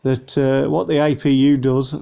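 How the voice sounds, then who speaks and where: A man's voice: medium pitch, level tone, moderate pace, creaky, smooth. A man chatting casually through a model plane unboxing review, rambling and a little tired. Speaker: vlogger. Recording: dull lo-fi home recording.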